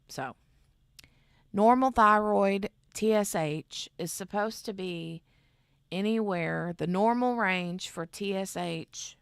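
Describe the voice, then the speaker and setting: Slow, gravelly woman chatting. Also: on the low side, dry recording, studio quality. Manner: rambling, chatty, reads chat aloud. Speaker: craft channel host. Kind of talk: casual livestream chat.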